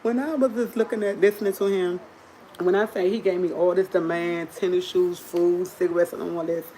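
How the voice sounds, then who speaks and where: Lively woman telling a story, low voice. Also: normal speed, slight background noise, poor audio. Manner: animated, laughs often, talks to viewers; drinks coffee while talking. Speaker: livestream host. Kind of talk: casual storytelling to viewers.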